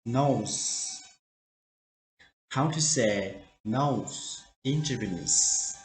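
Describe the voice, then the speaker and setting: A man teaching vocabulary in a slow drill, repeating each word carefully in simple, broken phrasing. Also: mid-range voice. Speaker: language teacher. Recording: roomy echo.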